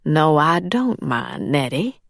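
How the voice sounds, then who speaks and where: Cool stern lady of the house, slow and lowish , as a woman reads her. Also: dry recording, clean studio sound. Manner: cool and firm. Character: cool, firm wealthy woman employer.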